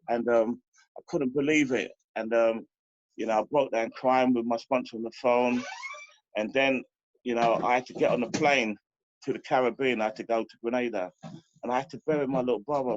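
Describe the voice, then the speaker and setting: A man's voice: mid-range voice, no room sound, lo-fi sound. A middle-aged man from London giving a heartfelt, rambling share at a recovery meeting, full of "you know" fillers.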